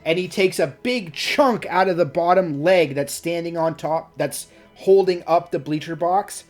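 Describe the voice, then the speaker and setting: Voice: medium pitch, measured pace, soft background music. A game master narrating a tabletop game in a casual way, with many fillers and restarts.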